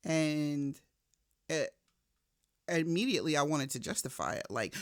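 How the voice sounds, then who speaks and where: A woman giving a faith-based motivational talk in a casual, conversational way, shifting from soft reflection to emphatic storytelling. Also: deep voice, very animated, measured pace, pauses often, no room sound, clean studio sound. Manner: casual, conversational, addresses listener directly. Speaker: motivational speaker.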